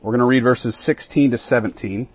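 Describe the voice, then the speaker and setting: Husky-voiced man teaching a Bible lesson. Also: medium pitch, brisk, no room sound, muffled recording. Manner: keeps asking the group questions and checking in with "right?" and "okay?".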